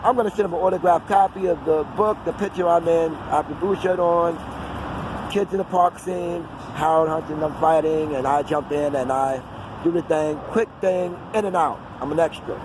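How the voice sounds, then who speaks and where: A man, rambling on in an unscripted outdoor vlog and drifting off into fillers. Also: high voice. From New York City. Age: 40s. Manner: digressive, talkative, trails off into fillers. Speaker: vlogger. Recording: outdoor street noise and traffic.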